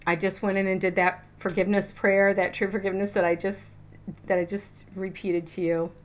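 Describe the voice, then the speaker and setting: A middle-aged woman teaching spiritual lessons to her viewers in a relaxed, chatty way. Her voice sits in a middle register. She talks freely, restarts her sentences and tells personal stories with animation. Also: medium pitch, brisk. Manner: chatty and animated, telling a story with lots of fillers and restarts. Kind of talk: casual teaching talk to camera.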